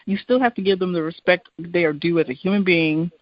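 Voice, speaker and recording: Fast-talking earnest police officer. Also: male voice, high-pitched, steady tone, no room sound. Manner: earnest, speaks from experience, some restarts. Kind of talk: casual discussion. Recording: dull lo-fi sound.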